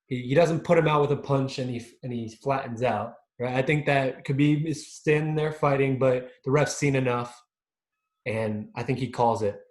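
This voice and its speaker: A man co-hosting a podcast, breaking down fights in a relaxed chat with lots of "right?" tag questions and fillers. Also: mid-range voice, moderate pace, echoey room. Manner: chatty, leans on tag questions, hesitant with fillers. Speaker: podcast co-host. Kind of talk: casual sports chat.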